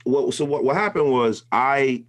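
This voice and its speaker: A man's voice: medium pitch, unhurried. A man who interviews guests for a podcast, talking loosely with lots of "you know". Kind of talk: casual podcast chat.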